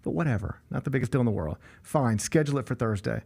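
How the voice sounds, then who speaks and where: Animated man with a gravelly voice. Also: mid-range voice, fast talker. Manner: animated, exasperated, acts out the people in his stories. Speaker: show host. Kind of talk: casual storytelling chat.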